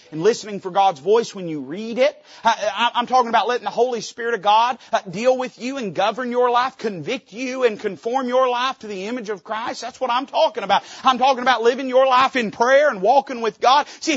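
Husky-voiced preacher man, folksy and fervent, sound kinda dull and lo-fi. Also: extremely high pitch, fairly bright tone, no echo. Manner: fervent, folksy preaching with sudden swells and drops in volume. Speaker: pastor. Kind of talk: sermon. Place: church sanctuary, at the pulpit.

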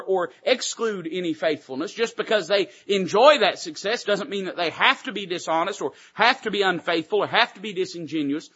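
A man's voice: sits high, bright, forceful tone, breathy edge, lo-fi sound. A man preaching a sermon to his church, building emphasis with repeated phrases. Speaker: pastor. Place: church sanctuary.

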